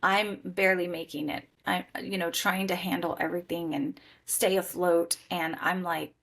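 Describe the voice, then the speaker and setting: Animated woman telling her story. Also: lowish voice, moderate pace, creaky. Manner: animated storytelling, acting out quoted voices. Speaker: guest sharing her testimony. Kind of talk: candid personal testimony.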